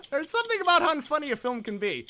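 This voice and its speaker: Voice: high voice, heavy background noise. A podcast host running a comedy movie-review show, laughing often and upbeat. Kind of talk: casual comedy podcast hosting.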